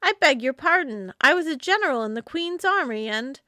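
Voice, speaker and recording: A woman reading the part of a pompous male swindler who poses as a gentleman with a plummy manner. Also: sits high, lively intonation, a little fast, no room sound, studio quality. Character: smooth-talking male conman posing as gentleman.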